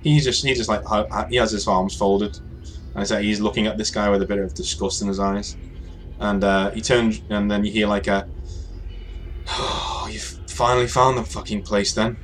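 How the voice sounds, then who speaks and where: A man narrating a tabletop role-playing game as game master, halting and full of fillers. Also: on the low side, level tone, faint music behind.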